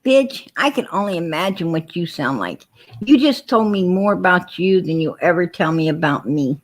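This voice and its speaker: A woman with four kids hosts a casual livestream, telling stories and arguing with viewers bluntly and with plenty of profanity. Her voice sits on the low side, expressive, at a moderate pace.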